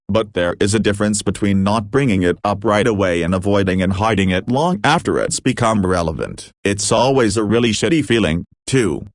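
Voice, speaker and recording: Low-voiced man reading posts aloud. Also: no echo, studio quality. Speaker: story reader.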